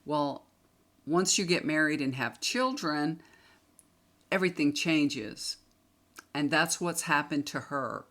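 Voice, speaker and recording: A woman's voice: low voice, expressive, takes it slowly, long pauses, fairly bright tone. A woman tarot reader talking casually to a camera, chatty and emphatic, repeating points for stress.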